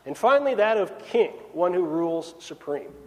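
A man preaching a sermon, swinging between raised emphasis and hushed, drawn-out phrases. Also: sits high, expressive. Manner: dramatic swings from loud to hushed. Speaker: pastor. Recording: long reverb of a large hall.

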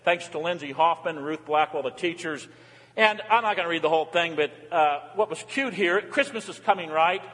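An older man, a pastor, preaching a sermon in an animated way, voice dropping low and soft, then rising with excitement. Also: moderate pace. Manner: warm, animated preaching with dramatic drops and rises. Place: large church sanctuary. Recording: long church reverb.

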